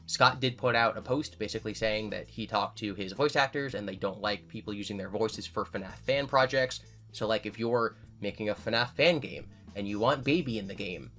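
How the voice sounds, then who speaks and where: A man's voice: fairly low pitch, bright, forceful tone. A man giving casual commentary as a YouTuber, answering viewer comments in a candid, self-correcting way. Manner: candid, self-correcting, talks things through.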